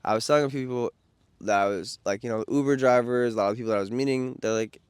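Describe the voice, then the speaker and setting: A man's voice: medium pitch, fast talker, smooth, dry recording. Slangy young New York man rambling. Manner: slangy, profane, excitable, loses track. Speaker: vlogger. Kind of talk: casual rambling monologue.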